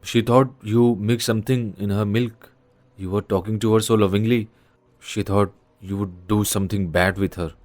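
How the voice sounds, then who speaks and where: An actor playing a guilty, cheating husband who sounds flustered and pleading. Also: male voice, fairly low pitch, fairly even intonation, normal speed, darkish tone, no room sound, natural voice.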